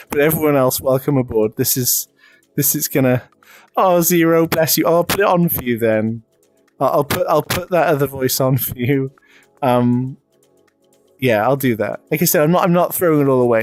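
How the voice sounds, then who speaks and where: A man's voice: a little high, dry recording. Chatty British man streaming, laughing easily. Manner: chatty, laughs often, self-deprecating. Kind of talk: casual live-stream chat.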